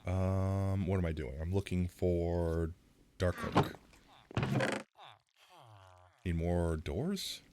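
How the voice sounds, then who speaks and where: Man, low voice, sore throat, casual rambling streamer, close mic, faint background hiss. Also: slow pace. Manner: rambling, self-deprecating, reacts loudly. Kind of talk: casual live-stream chat while gaming.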